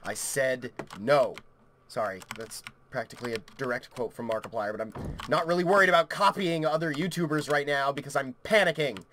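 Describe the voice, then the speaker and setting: High-voiced young guy panicking through a horror game, swears a lot, yells then goes quiet. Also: lively intonation, quick pace, a little hiss or hum. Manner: panicky, swearing, swings from shouting to hushed muttering. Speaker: gaming YouTuber. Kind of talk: horror game let's play commentary.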